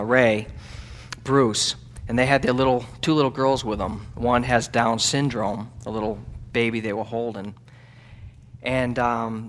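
A man, a missionary, telling a story in a church sermon, halting with ums and restarts, then building to loud fervent preaching. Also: medium pitch. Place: church sanctuary.

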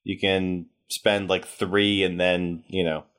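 A man narrating as game master in a tabletop game, pausing often. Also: low-pitched, little pitch movement, a bit bright, smooth. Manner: halting, many fillers.

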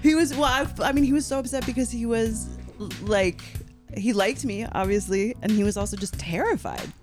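A woman's voice: fairly high pitch, moderate pace, over music. A Canadian woman chatting as a podcast guest, telling a story with lots of laughs and likes. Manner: laughs often, rambling with many likes. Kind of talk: casual storytelling chat.

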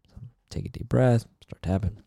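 A man with a low, gravelly voice tells a personal story on a podcast, earnest and candid. The sound is dry and close, with no room around it. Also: normal speed, dark tone, dry recording. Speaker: podcast co-host. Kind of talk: casual podcast conversation.

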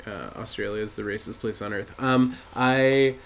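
A man's voice: lowish voice, fairly even intonation, moderate pace, gravelly, fairly bright tone. A man co-hosting a podcast in casual chat, rambling and laughing through crude banter. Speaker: podcast co-host.

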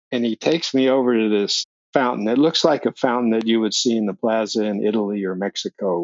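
An older man sits as a guest and tells stories with relish, jumping into the voices of others and laughing along the way. His voice sits at a middle pitch. The recording is dry and a little dull. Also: no room sound. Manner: animated storyteller, acts out quoted voices, laughs often. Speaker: podcast guest. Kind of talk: storytelling in a casual interview.

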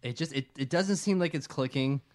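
A man's voice: medium pitch, brisk. A young man co-hosting a casual sports podcast, talking in a loose, rambling, jokey way. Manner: rambling, jokey, does silly voices. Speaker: podcast co-host.

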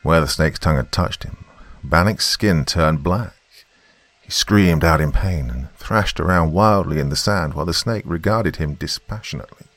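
A man giving expressive, scripted narration of a fantasy story. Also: very deep voice, normal speed, no echo.

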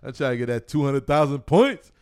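A man's voice: mid-range voice, lively intonation, a little fast, darkish tone, smooth. A young man co-hosting a podcast in slangy casual chat, laughing often and restarting his sentences. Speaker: podcast co-host.

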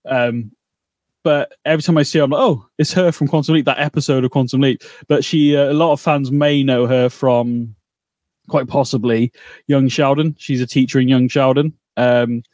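A man's voice: mid-range voice, steady tone, normal speed, a little mellow, no echo, studio quality. Rambling, chatty man. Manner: rambling, laughing, mock-outraged banter. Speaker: podcast co-host. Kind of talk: casual chat.

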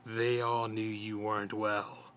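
Man voicing a slick, scaly horror-story monster; low, hushed, slow menace. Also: level tone, slight background noise. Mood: menacing hush.

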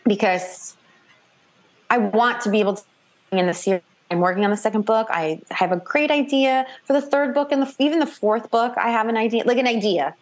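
A woman author from the New York area talks through her story in a relaxed interview. She is chatty and animated, slipping into quick put-on voices for the people she quotes. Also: a little high. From New York / New Jersey. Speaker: author guest. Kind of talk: casual interview chat.

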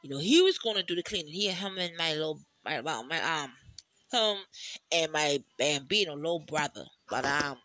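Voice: mid-range voice, expressive, normal speed, sharp tone, no echo. A podcast host telling loose stories in a casual solo chat, swearing freely, laughing often and rambling through lots of "you know"s. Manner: loose, chatty storytelling with swearing and frequent laughs; talks in rambling asides with many "you know"s.

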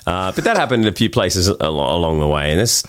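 A man with an Australian accent, a guest telling travel stories in a casual, animated way with many restarts. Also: low-pitched, quick pace, clear, resonant tone. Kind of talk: casual interview storytelling.

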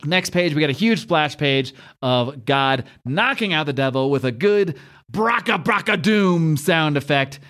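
A man's voice: fairly high pitch, animated, a little slow, a bit bright. A man hosting a casual comics podcast, retelling a story with enthusiasm, frequent laughter and casual swearing. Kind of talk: casual comic-book commentary.

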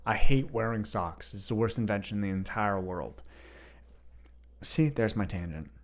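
A man's voice: on the low side, normal speed. A young man hosting a solo podcast, chatting freely and rambling straight to his listeners. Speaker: podcast host. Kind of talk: unscripted solo podcast chat.

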